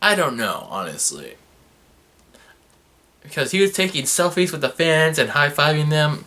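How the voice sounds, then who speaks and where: A young man recapping a wrestling show in a casual, sarcastic, excitable way. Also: a little high, normal speed. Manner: excitable, sarcastic, fluctuating energy. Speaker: wrestling review vlogger.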